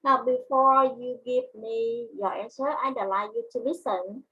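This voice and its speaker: Slow, breathy Vietnamese-accented teacher. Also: female voice, fairly high pitch, a bit bright, highs cut off. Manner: slow, deliberate, repeats words for learners. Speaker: English teacher. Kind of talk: classroom lesson.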